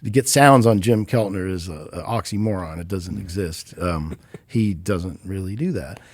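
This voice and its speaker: A man in his fifties, a recording engineer, telling stories casually in an interview and acting out quoted voices with lively jumps in pitch. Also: normal speed, dry recording, studio quality. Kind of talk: casual storytelling. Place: recording studio.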